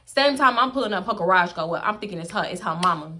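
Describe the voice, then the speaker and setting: A young woman, telling a storytime vlog in a sassy, animated way and acting out the people in it. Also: lowish voice, quick pace, slight background noise. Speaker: storyteller, channel host.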